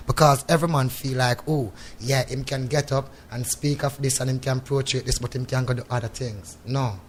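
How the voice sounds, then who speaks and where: A man's voice: medium pitch, fairly even intonation, brisk, slight background noise. A man with a Jamaican accent, a reggae artist giving a radio studio interview. He speaks in patois, reflective and preachy, and often checks in with "you know what I mean".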